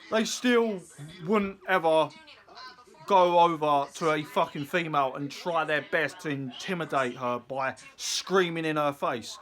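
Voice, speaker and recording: A man's voice: high-pitched, fairly bright tone. A man ranting angrily on a vlog, swearing often and mocking. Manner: angry, profane, mocking. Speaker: vlogger. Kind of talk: ranting commentary to camera.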